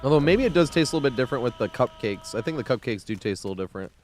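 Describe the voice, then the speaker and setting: A man casually chatting on his live gaming stream, rambling and laughing a lot, relaxed and stoned, with frequent casual swearing. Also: mid-range voice, racing, soft background music.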